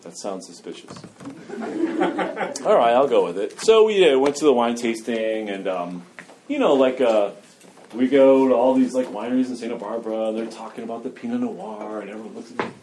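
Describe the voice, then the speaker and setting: A man's voice: mid-range voice, brisk, mellow, slight background noise. A man candidly telling a story from his own life in a loose, conversational way, with self-mocking humor and lots of filler words. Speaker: person sharing his recovery story.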